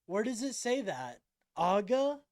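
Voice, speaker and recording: Guy streamer reacting to a clip, slow and mocking, talks his thoughts out loud. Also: sits high, very animated. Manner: incredulous, mocking, thinks aloud. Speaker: livestream host.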